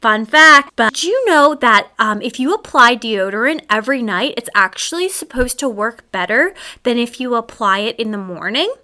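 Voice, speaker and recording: Young woman, podcast host, sassy rants, somewhat high voice, bright tone. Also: expressive, moderate pace, few pauses. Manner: sassy, exasperated rants with rhetorical questions. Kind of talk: casual solo podcast.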